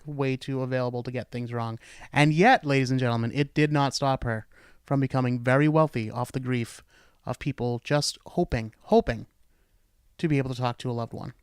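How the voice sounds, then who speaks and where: A man's voice: mid-range voice, smooth, no echo, clean studio sound. A man hosting a podcast, giving blunt, sarcastic commentary. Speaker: podcast host.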